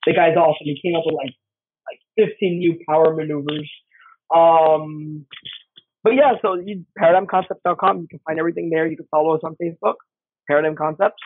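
A man's voice: on the high side, brisk, no room sound. A middle-aged man, a game designer guest, telling stories in casual chat and acting out the voices in them. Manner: animated, acts out voices in anecdotes. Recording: husky voice over tinny phone line, dry.

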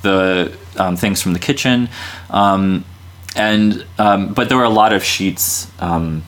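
A man's voice: low voice, slow pace, a bit bright. A man in his thirties, a friar, talking casually in an interview, rambling with lots of fillers and restarts and laughing easily. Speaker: Dominican friar guest.

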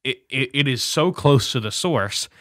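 A young man co-hosting a casual podcast chat, animated and exasperated, who swears freely and stutters. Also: mid-range voice, a little slow, no echo, clean studio sound. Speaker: podcast co-host.

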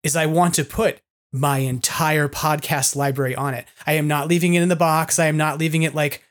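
A man hosting a podcast, telling a long story in an excitable, rambling way and laughing often, talking over a video call. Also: on the high side, brisk. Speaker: podcast host. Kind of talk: casual chat.

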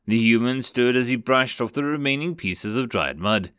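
A man narrating a story aloud in an expressive, lively reading. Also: medium pitch, moderate pace, clean tone, dry recording, clean studio sound.

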